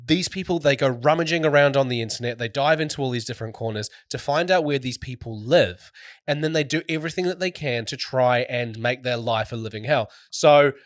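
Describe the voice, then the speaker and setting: A man co-hosting a casual gaming podcast, with a voice of middling pitch recorded close and dry. He tells stories in an animated, joking way and banters easily with his co-host. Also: a little fast, no room sound. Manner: animated storyteller, jokey. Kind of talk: casual chat.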